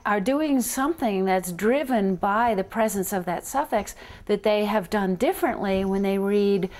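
A middle-aged woman, a reading researcher, answering interview questions in a measured, explanatory way, spelling out letters as examples. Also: medium pitch, darkish tone.

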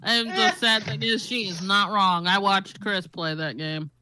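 A woman's voice: mid-range voice, fairly even intonation, unhurried, very noisy. A woman chatting with friends on a stream, teasing and matter-of-fact. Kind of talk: casual chat with friends on a stream.

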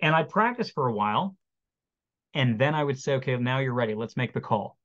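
A man in his forties speaks as a therapist in an online webinar, lively and animated as he acts out quotes and jokes for his audience. His voice sits at a middle pitch. The audio is a bit dull and lo-fi. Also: fairly quick. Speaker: therapist giving a webinar talk. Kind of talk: motivational talk to an online audience.

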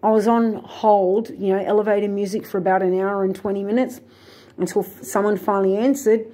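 Husky-voiced aggrieved woman. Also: medium pitch, fairly even intonation, brisk, mellow. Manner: aggrieved, indignant retelling with many fillers and restarts. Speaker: vlogger. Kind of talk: rambling personal storytelling.

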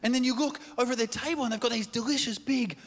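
A man, performing a stand-up comedy set with animated storytelling and quick jumps into quoted voices. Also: very high-pitched. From Australia. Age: 30s. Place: large comedy theatre stage. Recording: live hall with audience noise.

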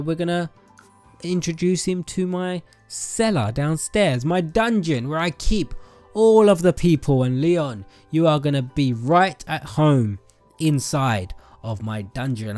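A man's voice: a little high, expressive, normal speed, darkish tone, soft background music. Chatty young man narrating gameplay. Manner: chatty and playful, talks to viewers and game characters. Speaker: gaming YouTuber. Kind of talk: casual let's-play commentary.

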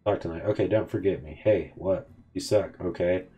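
A man hosting a game video casually reads out a chat of text messages between characters, voicing both sides in an offhand way. His voice is low and dark, his pace moderate, and the recording has a lo-fi sound.

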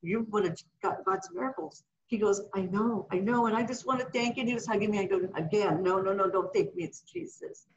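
A middle-aged woman minister, a podcast guest, telling a healing testimony in an animated way and acting out the voices she quotes. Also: mid-range voice, brisk, hardly any pauses, muffled recording. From California.

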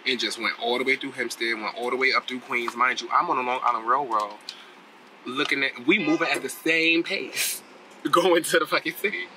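A man's voice: medium pitch, steady tone, normal speed. A man vlogging while on the move, exclaiming and ranting in sassy slang into a handheld camera. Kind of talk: casual vlog chat. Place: streets and a train around Long Island and the city. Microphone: handheld phone or camera. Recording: noisy outdoor phone recording.

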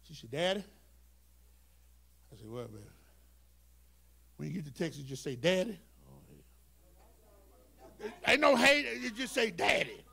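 A male pastor preaching a sermon, dropping to low storytelling and rising to shouted, whooping calls. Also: wildly swooping pitch, moderate pace, vocal fry, long pauses, breathy edge. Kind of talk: Black Baptist preaching.

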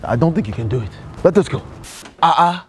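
A man's voice: fairly high pitch, lively intonation, fairly quick, voice pushed up, close to an everyday voice. A young man putting on a Nigerian accent, playing a pushy student who keeps asking to learn scamming, tacking "oh" and "ah, ah" onto his lines, in a lecture hall with faint noise. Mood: insistent. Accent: Nigerian (put on). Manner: insistent, exclamatory "oh" and "ah, ah" tags.

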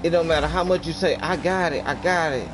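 A man with a slightly high voice talks through a match, grumbling about teammates and teasing his brother. Noisy game sounds fill the background. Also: fairly quick. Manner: frustrated, joking banter with his brother. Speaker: gaming streamer. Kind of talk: casual commentary while playing a game. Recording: game sounds and noise behind.

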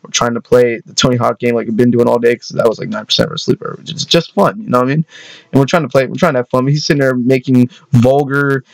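A man's voice: mid-range voice, steady tone, fast talker, creaky, no room sound. A young man casually telling a storytime tale, rambling, restarting his sentences and often adding "you know what I mean".

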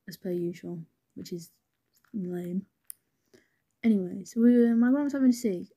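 A young woman with a British accent spins a casual storytime tale, rambling from one aside to the next. Her voice sits a little low and has a husky, breathy edge. She swears freely and leans on "anyways" to keep going. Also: mellow.

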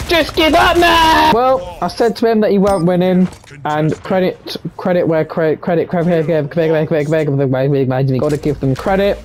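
A young man giving live gameplay commentary, trash-talking and swearing at opponents with sudden excited yelps. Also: sits high, moderate pace. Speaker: gaming streamer. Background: gunfire from the game.

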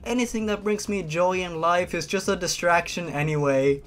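A man voicing a wistful, self-pitying young woman killer, speaking high and sighing. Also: normal speed, close to an everyday voice. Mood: melancholy.

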